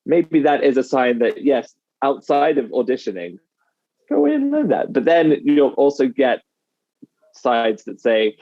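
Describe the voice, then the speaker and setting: A man's voice: medium pitch, very animated, normal speed, darkish tone, no echo. Man, British accent, dialect coach, explanatory, acts out quotes, dry lo-fi recording. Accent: British English. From United Kingdom. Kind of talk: conversational explanation. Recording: slightly dull lo-fi sound.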